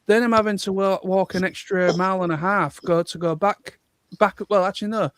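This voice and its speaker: A man's voice: high voice, steady tone, fairly quick, fairly bright tone, clean tone, no room sound. An English man co-hosting a casual livestream chat, talking earnestly and rambling with plenty of fillers. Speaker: livestream co-host.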